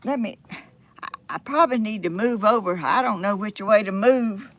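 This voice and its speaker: An older Southern woman from Georgia, USA, vlogs at home by a yard, chatting to her camera in a folksy, rambling way and exclaiming often. Her voice is mid-range at normal speed, with a little hiss or hum in the recording.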